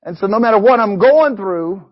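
A man's voice: high-pitched, lively intonation, normal speed. A man preaching a sermon, quoting scripture and dropping in frequent "amen" and "you know" asides. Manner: reads scripture aloud in a preaching cadence. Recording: dull lo-fi recording.

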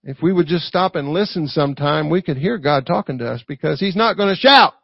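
Southern guy preaching, pretty high voice, asks the church to answer back, sounds dry and kinda muffled. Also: a little fast, gravelly, breathy edge, no echo. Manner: lively, acts out quoted speakers, asks congregation for responses. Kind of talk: sermon. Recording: dry, dull lo-fi recording.

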